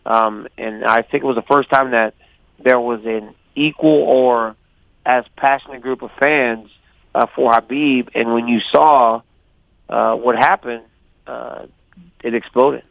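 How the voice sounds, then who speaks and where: Man, guest caller, animated storyteller, dull lo-fi phone line, dry sound. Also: medium pitch, unhurried, creaky, no room sound. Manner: animated storyteller, quotes others in lively voices. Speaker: guest fighter calling in. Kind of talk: casual phone interview. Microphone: phone call.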